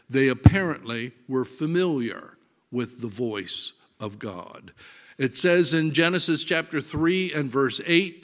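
A man preaching a sermon, reading scripture aloud with deliberate emphasis, swelling loud on verses and dropping soft and low. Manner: slow, deliberate delivery, rising loud on verses and dropping to near-whisper.

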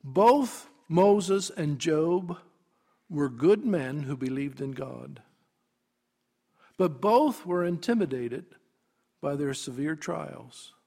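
A man preaching a sermon, dramatic, dropping to a hush and then rising to loud emphasis. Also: on the high side, lively intonation, slow, vocal fry, pauses often.

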